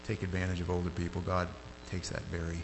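A man preaching a sermon in a loose, conversational way. His voice jumps up sharply when he gets animated. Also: deep voice, quick pace. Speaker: pastor. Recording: hall reverb with faint hum.

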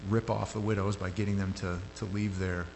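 A man preaching a sermon in a loose, conversational way. His voice jumps up sharply when he gets animated. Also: low voice, brisk, gravelly. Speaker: pastor. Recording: hall reverb with faint hum.

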